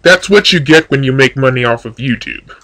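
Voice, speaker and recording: Dude with an average voice making dry sarcastic comebacks. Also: male voice, mid-range voice, brisk, sharp tone, rough recording. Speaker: YouTube commentator. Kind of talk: casual rebuttal commentary.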